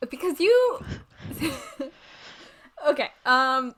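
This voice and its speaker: A woman's voice: sits high, very animated, very slow, a bit bright. A young woman co-hosting a podcast, chatting casually with teasing asides. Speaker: podcast co-host and editor. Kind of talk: casual chat.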